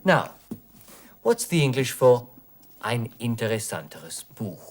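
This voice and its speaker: Guy teaching english on an old 80s tv lesson, slow careful drills, pitch bouncing all over. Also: big pitch swings. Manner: clear, deliberate, with drawn-out word drills. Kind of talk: slow, scripted language lesson. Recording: 1980s educational television recording.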